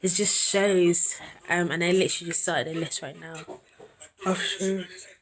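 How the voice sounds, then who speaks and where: A young woman, a university student talking through her worries in a casual video diary, earnest and anxious, often slipping into a soft near-whisper. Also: lowish voice, steady tone, a little slow. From England. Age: young adult. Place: at home indoors.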